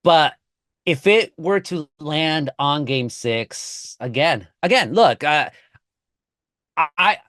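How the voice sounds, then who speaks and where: A man's voice: fairly high pitch, lively intonation, takes it slowly, a bit bright, dry recording, studio quality. A man from Southern California, a newspaper columnist talking as a guest on a podcast, speaking emphatically and slipping into Spanish phrases. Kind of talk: casual podcast conversation.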